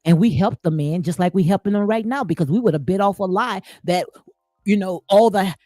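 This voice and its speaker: A woman's voice: mid-range voice, brisk, warm tone, no echo, faint music behind. A woman giving impassioned spiritual commentary, preachy and emphatic, repeating phrases for emphasis. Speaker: commentary host.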